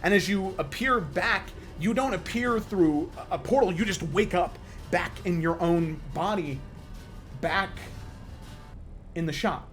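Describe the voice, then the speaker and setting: A man narrating a tabletop role-playing game as game master, with lively, stumbling storytelling full of fillers. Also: sits high, measured pace, soft background music.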